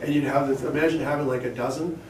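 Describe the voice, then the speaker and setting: A man's voice: mid-range voice, fairly even intonation, fast, darkish tone. A man who shucks oysters, giving a rambling, jokey hands-on talk to shop staff and acting out little quotes as he goes. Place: fish shop, indoors. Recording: roomy, distant camera, faint hum.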